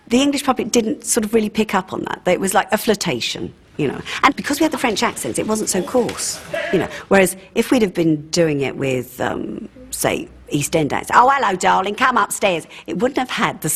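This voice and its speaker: Chatty older woman recalling, lively voice. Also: on the low side, normal speed. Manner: chatty, laughing anecdotes. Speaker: former sitcom actress. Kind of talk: interview reminiscence.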